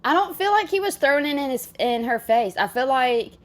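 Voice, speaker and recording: A woman's voice: high voice, expressive, a little fast. Chatty woman reacting to a clip. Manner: chatty, exclaiming, laughing asides. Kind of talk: casual reaction commentary.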